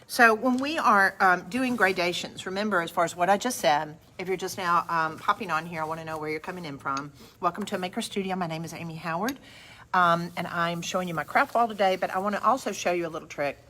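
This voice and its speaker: In a craft studio, a middle-aged host talks to viewers at a quick pace in a lowish voice while demonstrating a project live. She's chatty, tossing in warm asides as she goes.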